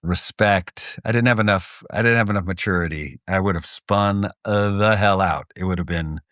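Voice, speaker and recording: A middle-aged man co-hosting a podcast, telling stories with lively energy and swearing freely. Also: low voice, normal speed, no echo, studio quality. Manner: lively storyteller, acts out voices, swears freely. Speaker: podcast co-host. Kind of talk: casual chat, animated storytelling.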